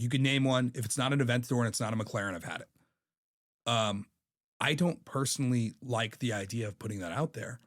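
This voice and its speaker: Man, thirties, podcast guest, casual chat, blunt, swears a lot. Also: mid-range voice. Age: 30s. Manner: candid, profane, storytelling.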